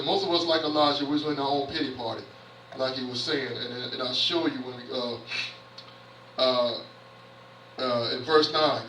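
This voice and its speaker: A man's voice: medium pitch, sharp tone, far from the mic, slight background noise. A man preaching a sermon in a church, reading scripture aloud and then explaining it in everyday, conversational words. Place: church sanctuary. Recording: roomy church audio picked up from afar.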